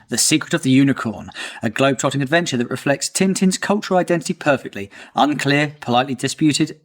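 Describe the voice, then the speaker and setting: A man hosting a podcast, reading wry, mock-formal introductions and chatting casually. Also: mid-range voice. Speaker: podcast host.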